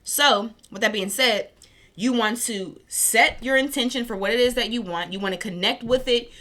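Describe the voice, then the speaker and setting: A woman giving a casual spiritual reading, chatty and excited, tripping over her words, with a scratchy throat. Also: on the high side, moderate pace. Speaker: tarot reader. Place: warm room at home.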